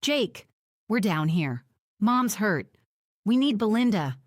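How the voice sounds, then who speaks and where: An anxious young woman in a storybook tells her hurt mother to keep still in an urgent, bossy way, as a woman narrator puts her on. The voice sits slightly high for her, and the recording is completely dry. Every line comes out hurried and worried. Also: big pitch swings, dry recording. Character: anxious young adult daughter tending her injured mother. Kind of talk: audiobook character voice.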